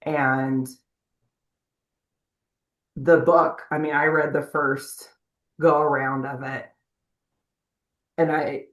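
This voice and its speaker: Slow, reflective woman in a roomy echo. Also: low voice, little pitch movement. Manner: reflective, pausing between phrases. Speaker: guest speaker. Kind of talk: heartfelt tribute on a video call. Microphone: video call.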